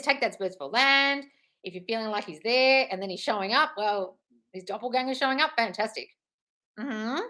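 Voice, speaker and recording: A woman's voice: medium pitch, pushed and bright. Playful, blunt woman coach on a home live stream, casual and profane. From United Kingdom. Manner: swearing, playful, calls viewers darling, reads comments aloud. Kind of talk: casual live-stream chat reading comments.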